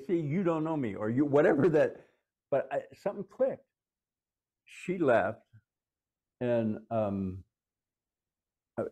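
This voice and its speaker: A middle-aged man tells a personal story on a podcast. His voice is low and warm, and it climbs sharply whenever he relives the heated moments. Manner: animated retelling, voice rising when reliving the argument. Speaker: podcast co-host.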